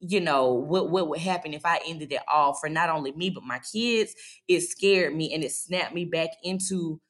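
A woman's voice: sits low, normal speed, a bit bright. A woman in her thirties, a podcast guest, telling her own story in a candid, heartfelt way with frequent fillers. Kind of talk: personal storytelling.

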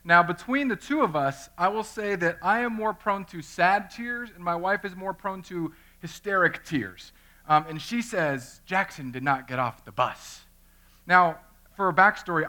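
Bright-voiced man preaching a sermon. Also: high voice, normal speed. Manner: animated storytelling, acting out voices. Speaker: pastor. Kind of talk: sermon with personal story.

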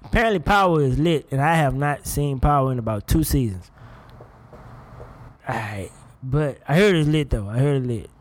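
A young man hosting a casual commentary show, animated and profane, laughing often. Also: mid-range voice, normal speed, slight background noise. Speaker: podcast host.

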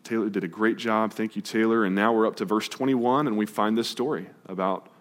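A man preaching a sermon in a church, talking to the congregation in a brisk, conversational way and reading scripture aloud. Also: on the low side, steady tone. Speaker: pastor. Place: church sanctuary. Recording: long hall reverb.

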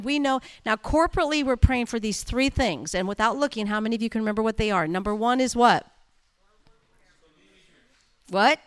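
A woman's voice: fairly high pitch, clean tone, no room sound, clean studio sound. A woman leading a church group, teaching in an informal talk and acting out her own stories. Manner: animated storytelling, acts out her own inner voice. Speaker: church leader.

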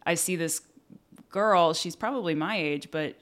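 A young adult woman candidly telling a personal story in an interview, casual and swearing, animated when quoting people. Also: on the low side, measured pace. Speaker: interview guest.

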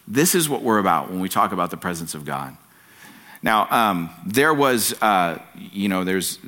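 A man preaching a sermon at a church service in an earnest, emphatic way, driving his key phrases home by repeating them. His voice is bright and forward. His pitch rises and falls widely as he preaches. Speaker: pastor.

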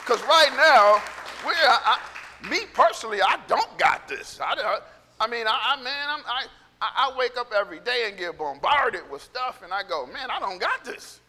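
Against a faint crowd and long hall reverb in a church sanctuary, a male pastor with a very high-pitched, pushed, bright voice preaches expressively at a moderate pace. He starts a rambling story over and over, and it swells into fervent, repeated encouragement.

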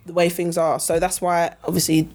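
A woman's voice: on the low side, little pitch movement, moderate pace, a little mellow, slight background noise. Frank, chatty woman in conversation. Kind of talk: casual group chat.

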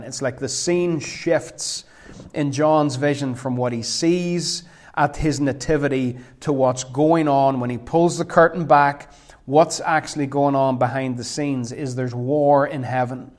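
A man preaching a sermon, emphatic, slowing right down whenever he quotes scripture. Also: medium pitch, fairly even intonation.

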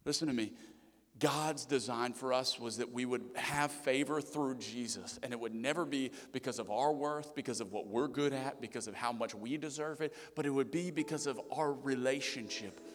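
A man's voice: medium pitch, normal speed. A man, preaching a sermon and telling family stories with acted quotes, building to emphatic repeated lines. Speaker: pastor. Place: church sanctuary. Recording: church hall reverb with soft instrumental music.

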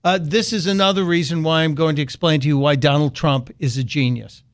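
A man's voice: on the high side, fairly even intonation, fairly quick. A man hosting a talk radio show, delivering sarcastic, mocking commentary into a studio microphone.

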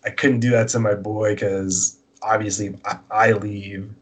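A man's voice: on the low side, flat delivery, measured pace, slightly rough. A man casually telling a long personal story, acting out both sides of the dialogue in a rambling way.

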